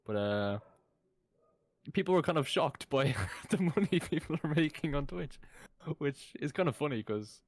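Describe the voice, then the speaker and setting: A man's voice: on the high side, expressive, unhurried. A young man co-hosting a podcast, rambling and swearing in casual chat. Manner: rambling, sweary, laughs often. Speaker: podcast co-host.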